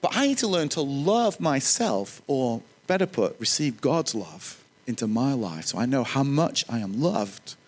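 A man preaching a sermon, animated, with joking, self-deprecating asides. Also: medium pitch, unhurried, hardly any pauses.

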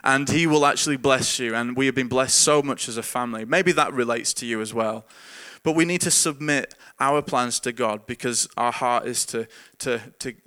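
A man's voice: medium pitch, moderate pace, few pauses, bright, forceful tone, clear, resonant tone. A man who is a pastor, giving an earnest, informal sermon with frequent repeated words and chuckles. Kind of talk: conversational sermon.

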